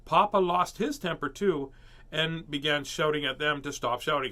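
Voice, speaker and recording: A man's voice: a little high, normal speed, pushed and bright. A man reading a children's storybook aloud, doing playful character voices and joking asides. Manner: playful, jokey asides and puns. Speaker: storybook reader.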